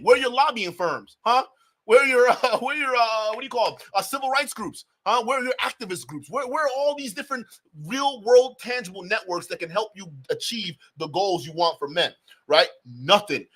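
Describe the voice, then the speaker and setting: Animated high-voiced male streamer. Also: a little fast. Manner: animated, laughing, mocking, talks to chat. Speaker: reaction channel host. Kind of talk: livestream reaction commentary.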